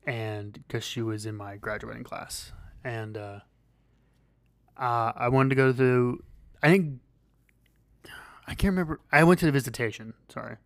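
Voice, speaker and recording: Halting, rambling man on a podcast. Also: mid-range voice, fairly even intonation, gravelly, dry recording. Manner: rambling, halting, with many fillers and restarts. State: losing his voice. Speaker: podcast co-host. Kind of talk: casual chat.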